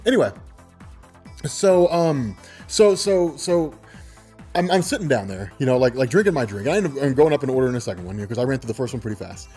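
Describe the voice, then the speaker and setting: A man in his twenties telling a story on his own channel in a loose, animated way, laughing often and swearing freely. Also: medium pitch, fast talker, faint music behind. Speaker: vlogger. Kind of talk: casual storytelling.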